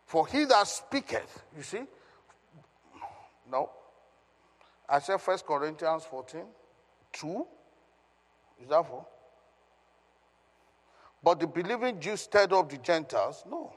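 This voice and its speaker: A man's voice: fairly high pitch, lively intonation, slow, long pauses, slightly rough. A male pastor giving an emphatic Bible teaching, questioning his congregation as he reads scripture. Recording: long reverb of a hall.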